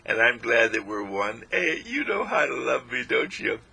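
A man voicing a contented talking body that is gently pleased, with a raspy voice. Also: medium pitch, sing-song, normal speed, heavily acted.

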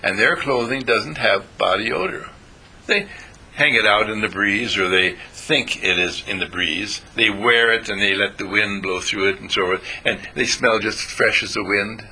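A man's voice: on the low side, normal speed, bright, forceful tone, breathy edge. An older man giving a folksy, meandering spiritual talk to a small group, playful and chatty.

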